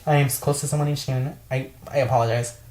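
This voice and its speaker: A woman's voice: extremely low pitch, steady tone, fast talker, dark tone, a little hiss or hum. A young woman store worker ranting in a casual vlog, swearing often and exasperated, full of fillers.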